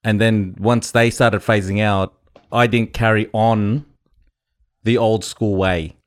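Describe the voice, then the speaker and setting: A man with an Australian accent co-hosting a relaxed podcast chat, laughing often. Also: lowish voice, takes it slowly. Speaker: podcast co-host. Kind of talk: casual chat.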